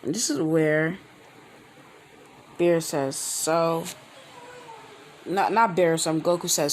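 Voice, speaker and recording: A man hosting his own channel, telling a fan-made story in a rambling, halting way with many restarts. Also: fairly high pitch, slight background noise, poor audio. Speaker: channel host. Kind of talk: casual fan-fiction storytelling.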